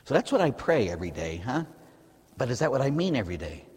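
A man, a Catholic priest, giving a conversational sermon in a church, preaching lively and asking his listeners rhetorical questions. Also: medium pitch, fast, breathy edge, in a large hall.

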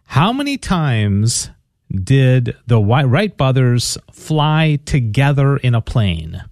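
A man's voice: medium pitch, sing-song, slow, a little mellow, no room sound. A man co-hosting a radio pledge drive, earnestly asking listeners to donate, often repeating and restarting his words. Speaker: radio fundraiser co-host.

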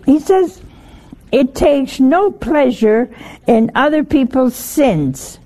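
A woman's voice: fairly high pitch, expressive, measured pace, gravelly, dark tone. An older woman giving a folksy sermon, often putting rhetorical questions to her listeners. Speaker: religious teacher.

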